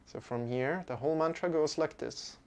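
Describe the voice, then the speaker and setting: A man's voice: a little high, moderate pace, a little mellow, smooth. A man teaching a live-streamed mantra lesson, talking in a casual, chatty way with many fillers.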